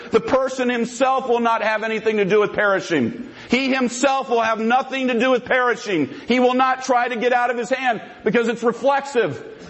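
A man with a notably high voice argues his case in a formal debate. He speaks emphatically and hammers home each point by repeating it. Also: fairly bright tone, low-quality recording.

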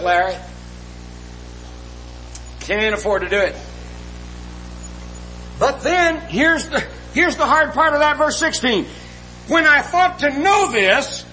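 A man's voice: very high voice, lively intonation, a little slow, long pauses, bright, forceful tone, slight background noise, rough recording. A middle-aged man preaching a sermon, earnest and folksy, often asking the congregation questions.

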